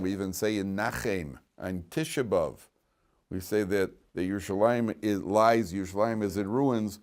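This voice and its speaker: A man teaching a class as a rabbi, telling stories with jokes and many repeated words. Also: on the low side. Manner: animated, joking storyteller who repeats words. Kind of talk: lively classroom storytelling.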